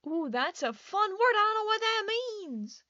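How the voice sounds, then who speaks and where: High-voiced rambling woman, dry and muffled. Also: big pitch swings, moderate pace, bright, forceful tone, no room sound. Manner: rambling and scattered, with frequent restarts and laughter. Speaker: video creator. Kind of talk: casual voice-over over a building video.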